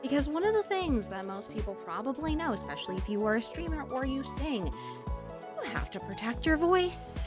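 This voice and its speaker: A woman's voice: high-pitched, sing-song, normal speed. Chatty Southern woman streamer with music behind. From US Midwest and South. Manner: chatty, laughs often. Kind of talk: casual stream chat.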